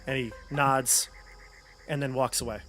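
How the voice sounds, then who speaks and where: A man narrating as game master of a tabletop role-playing game in a relaxed, casual way. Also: medium pitch, a little slow, soft background music.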